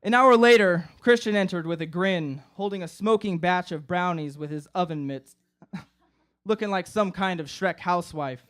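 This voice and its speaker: A man's voice: high-pitched, moderate pace, a bit bright, smooth. A young man performing a comic personal story live on stage, acting out his friends' voices. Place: live stage before an audience.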